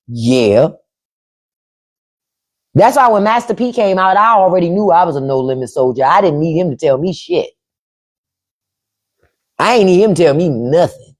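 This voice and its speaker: Woman in her fifties, lively swooping intonation, slightly low voice, blunt and profane, casual livestream storytelling. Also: normal speed, pauses often. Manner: blunt, profane, laughing asides; quotes her elders in put-on voices. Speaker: podcast host on a livestream. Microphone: phone or webcam livestream mic.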